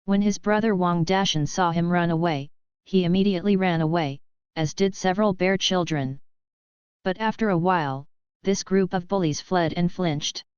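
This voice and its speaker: Woman narrator, steady audiobook read, smooth lower voice, dry muffled recording. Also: normal speed, dry recording.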